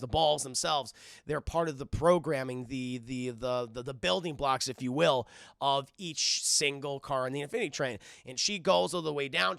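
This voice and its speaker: A man's voice: mid-range voice, vocal fry, pushed and bright, no room sound, clean studio sound. A man casually recapping a cartoon episode on a live stream, rambling and swearing as he keeps talking to his chat.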